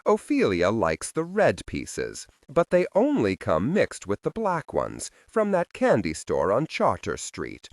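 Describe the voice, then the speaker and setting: A man's voice: mid-range voice, wildly swooping pitch, measured pace, hardly any pauses, dry recording, heavily acted. A man voicing a smug, protective male demon with a Southern drawl, dry and pointed. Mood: wry.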